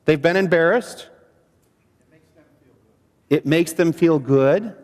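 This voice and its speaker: A man presenting a training seminar, quizzing the audience and using dramatic pauses. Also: a little high, a little mellow. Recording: long hall reverb.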